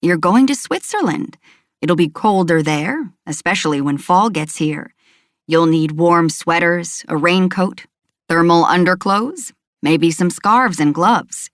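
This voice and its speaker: Soft-spoken motherly woman, low and kind, dry close mic, read by the narrator. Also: expressive, measured pace, dry recording. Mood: gentle. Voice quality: soft, gentle. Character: gentle motherly woman caring for a friend.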